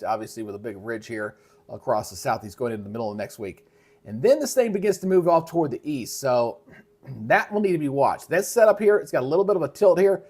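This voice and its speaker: A male meteorologist hosting a live weather briefing in a casual, conversational way, with a frog in his throat that keeps him clearing it. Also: mid-range voice, a little mellow. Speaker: meteorologist host.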